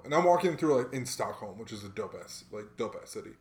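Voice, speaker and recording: A young man talks easily in a roomy-sounding room, his voice at an ordinary middle pitch. He tells stories in a loose, slang-filled way and turns lively when he acts out what others said. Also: quick pace. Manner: laid-back slang-heavy storyteller, animated when quoting people. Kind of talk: casual chat, storytelling.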